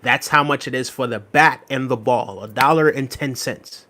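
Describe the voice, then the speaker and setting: A man's voice: medium pitch, moderate pace, bright, forceful tone. A man with an ordinary mid-range voice hosts a livestream. He chats casually with viewers, reading their comments aloud, repeating phrases and laughing often. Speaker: livestream host.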